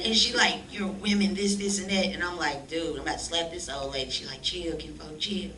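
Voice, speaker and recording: A woman telling her life story as a church guest, animated and slangy, acting out the voices of people she quotes. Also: fairly low pitch, fairly quick, few pauses. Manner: animated, acts out quoted dialogue in slangy speech. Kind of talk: lively storytelling testimony. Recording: echoey room, distant mic, faint noise.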